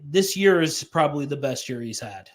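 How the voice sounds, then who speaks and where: A young man co-hosting a sports betting show, relaxed and swearing in casual chat. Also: on the high side, moderate pace. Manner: laid-back, swearing, laughs easily. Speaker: sports betting podcast co-host.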